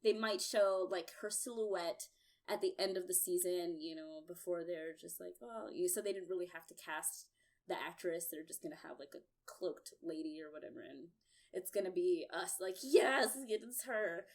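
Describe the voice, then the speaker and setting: A woman's voice: fairly low pitch, steady tone, normal speed. A young woman in casual chat, reviewing a TV episode, talking in a loose, filler-heavy way that turns profane when she gets worked up. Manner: chatty, full of "um" and "like", swears when worked up.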